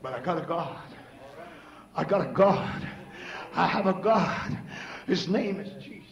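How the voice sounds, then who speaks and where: An older man preaching a chanted church sermon, rhythmic and punctuated with "uh", rising to shouts. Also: on the high side, lively intonation, unhurried, vocal fry, dull audio. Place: church sanctuary. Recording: echoey church recording.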